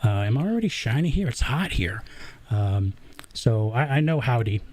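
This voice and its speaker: A man's voice: medium pitch, expressive, normal speed, a little mellow. A man from the American South with a Southern accent, hosting a casual livestream Q&A and chatting through it with lots of fillers and restarts. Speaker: host.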